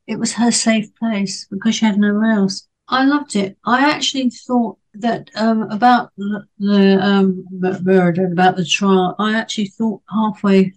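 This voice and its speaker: On a book club panel, a woman discusses a book in a casual, chatty way, often hesitating, restarting sentences and filling pauses with ums. Her voice is a typical middle pitch for a woman, steady and somewhat dark, and the recording is rough.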